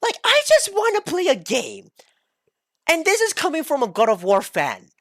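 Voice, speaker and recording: A woman's voice: high-pitched, huge pitch swings, normal speed, no echo, studio quality. A woman streamer ranting in a heated, emphatic casual monologue, swearing often.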